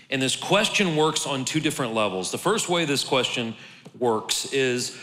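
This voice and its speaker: A man's voice: mid-range voice, sharp tone. A man preaching a casual, conversational sermon, joking and restarting words as he goes. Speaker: pastor. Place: large church hall. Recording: long reverb in a church hall, faint ambience.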